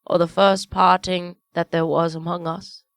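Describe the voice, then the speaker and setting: A woman reads aloud as a kindly, humble father, gentle and warm-hearted, who speaks earnestly and tenderly to his family. Her voice is fairly low with little pitch movement, unhurried, and there's no room sound.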